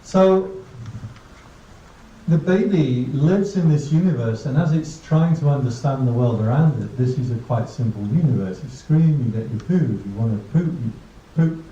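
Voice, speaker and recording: A man's voice: mid-range voice, normal speed, warm tone, a little hiss or hum. A man, a Buddhist monk, giving a casual, humorous talk to a class, telling anecdotes and laughing at his own jokes. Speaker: Buddhist monk teaching mindfulness. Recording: dull distant roomy recording.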